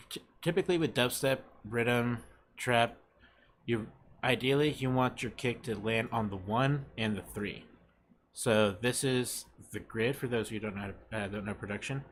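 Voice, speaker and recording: A young man hosting a casual music production tutorial, swearing freely and counting beats out loud. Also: on the low side, a little hiss or hum. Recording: music playing underneath. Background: music playing.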